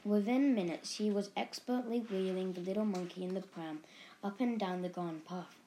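A woman narrating a children's storybook with a lively, expressive delivery. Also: mid-range voice, moderate pace, slight background noise, rough recording. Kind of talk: storybook reading.

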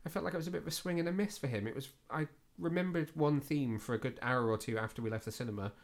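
A man's voice: medium pitch, fast. A man hosting a casual podcast, reviewing a film in a chatty, self-deprecating way with plenty of fillers. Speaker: podcast host.

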